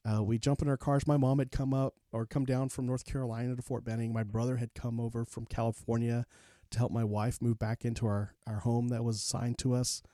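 A man's voice: mid-range voice, level tone, brisk, mellow, dry recording, clean studio sound. A man in his forties, a podcast guest, candidly recounting his life story with plenty of fillers and restarts. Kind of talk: personal storytelling in an interview.

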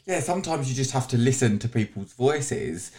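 A man co-hosting a podcast, talking frankly and quickly. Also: mid-range voice, lively intonation, mellow, slight background noise. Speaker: podcast co-host. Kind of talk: casual chat.

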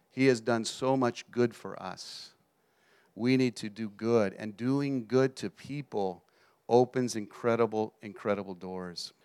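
Animated male preacher telling a story. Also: mid-range voice, clear, resonant tone. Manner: animated storyteller, often asks the audience "you understand?". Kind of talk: sermon storytelling.

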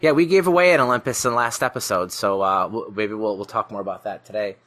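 A man's voice: lowish voice, quick pace, a bit bright. A man hosting a casual podcast, chatty and friendly, with frequent fillers and restarts. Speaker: podcast host. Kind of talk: casual video-call podcast chat.

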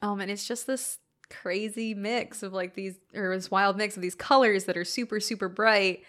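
A young woman in casual chat about a movie, animated and quick to laugh, acting out quotes. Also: mid-range voice.

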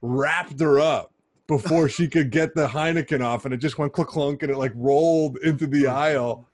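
Joking comedian dude, kinda high voice, crude and laughing a lot. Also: male voice, moderate pace. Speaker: stand-up comedian. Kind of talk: casual storytelling chat.

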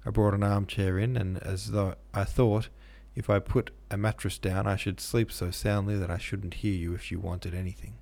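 A man reading a breezy, friendly young medical student, low gravelly voice. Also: flat delivery, moderate pace, few pauses, a little mellow. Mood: cheerful. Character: cheerful, hearty young male medical student.

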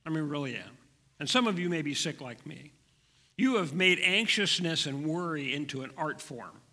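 A man preaching a sermon as pastor, gentle and unhurried, letting his voice drop soft. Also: a little high, lively intonation, big-room sound.

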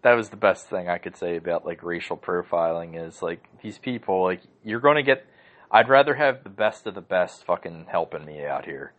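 A man's voice: sits low, animated, moderate pace, phone-quality sound. A man hosting a podcast from home, ranting casually and heatedly, swearing often and rambling through lots of fillers. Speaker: podcast host. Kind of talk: casual rant.

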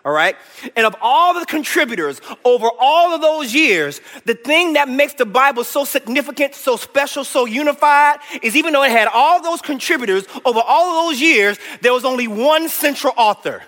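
At a moderate pace, with lively intonation and an extremely high, a bit bright voice, a preacher leads a Bible lesson in a church hall. The recording is echoey, and he enthusiastically draws the congregation into calling out answers.

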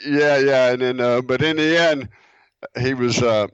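A man's voice: mid-range voice, fairly even intonation, clean tone, no echo. Man telling stories over muffled audio. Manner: chuckling, halting storyteller. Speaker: guest, former boss. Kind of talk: casual anecdote telling.

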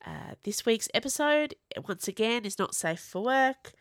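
A woman's voice: on the high side, very animated, unhurried, few pauses, a bit bright, dry recording, studio quality. Wry woman narrating a story. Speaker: author reading her own fiction.

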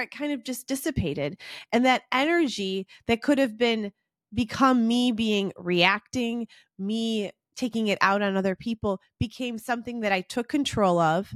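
A woman's voice: mid-range voice, dry recording, studio quality. Earnest woman hosting a self-help podcast. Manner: earnest, encouraging, speaks to the listener directly. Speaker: podcast host.

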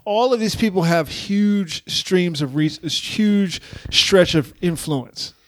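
A man's voice: sits high, slow pace, fairly bright tone, no room sound. A man co-hosting a podcast in casual chat, ranting with exasperated, profane outbursts. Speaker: podcast co-host.

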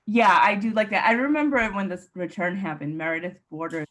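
A woman's voice: mid-range voice, fairly quick, fairly bright tone. A woman hosting a podcast, chatting casually about a TV episode, laughing often and acting out lines she quotes. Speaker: podcast host.

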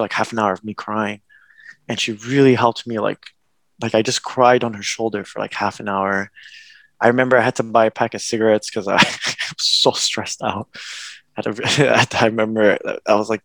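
A young man tells a personal story in a loose, rambling way, stumbling over restarts and slipping in nervous laughs. His voice has a gravelly edge to it. The sound is dry and close, with no room around it. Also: fairly low pitch, a bit bright, no echo. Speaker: guest. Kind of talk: casual conversation, personal story.

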